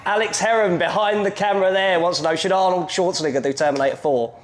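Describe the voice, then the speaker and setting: Man hosting a festival tv show, high-pitched, loose and chatty, says like constantly. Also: quick pace. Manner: chatty, laughs often, many "like" fillers. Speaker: TV show host. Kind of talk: casual interview hosting.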